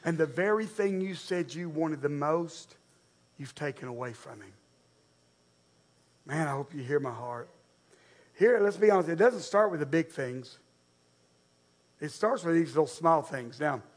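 A man's voice: a little high, expressive, unhurried, vocal fry, pauses often, husky. A man preaching a sermon, speaking conversationally and addressing the congregation directly. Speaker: pastor.

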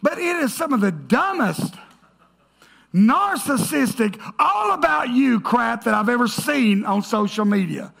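A male pastor preaching a sermon to his congregation. He is emphatic, rises to shouts, then drops to a hush. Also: extremely high pitch, very animated, unhurried, creaky. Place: church stage before a congregation.

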